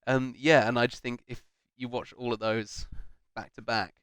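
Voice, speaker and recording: A man's voice: medium pitch, level tone, normal speed, a bit bright, smooth, no room sound. A young man co-hosting a casual film chat, rambling and joking with frequent laughs. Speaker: co-host.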